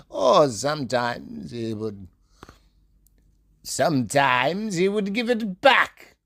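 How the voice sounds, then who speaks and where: A man performing a dramatic spoken monologue, his voice gravelly and full of fry. He talks slowly and unhurriedly, and his pitch leaps about, from bright and sing-song down to a low, sneering growl. He keeps turning to call out to listeners who aren't there. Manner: playful, addressing imagined listeners by name. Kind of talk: theatrical spoken monologue and storytelling.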